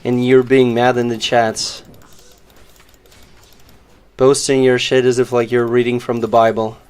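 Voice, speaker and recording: A man's voice: mid-range voice, level tone, unhurried, darkish tone, clear, resonant tone. A man streaming a game, chatting casually and sarcastically, rambling with lots of fillers. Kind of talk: casual live-stream chat.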